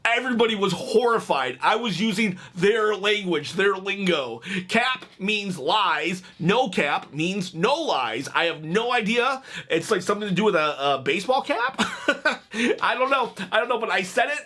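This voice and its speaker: A man's voice: sits high, bright, forceful tone. A man hosting a wrestling reaction video, chatting casually and joking, laughing at his own stories.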